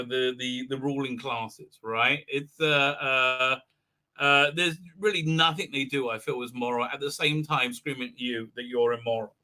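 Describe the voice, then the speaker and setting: High, bright-voiced man rambling on a livestream. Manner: rambling, many fillers and restarts, laughs often. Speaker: livestream host. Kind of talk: casual livestream chat.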